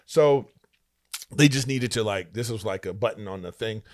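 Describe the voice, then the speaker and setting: A comedian and actor telling animated stories as a guest in a casual interview, acting out what people said to him. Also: male voice, fairly low pitch, moderate pace, dry recording, clean studio sound.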